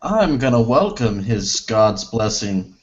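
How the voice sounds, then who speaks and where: A man's voice: on the low side, very animated, takes it slowly. A man playing a tabletop game, chatting casually and joking around. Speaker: player. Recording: dull lo-fi sound.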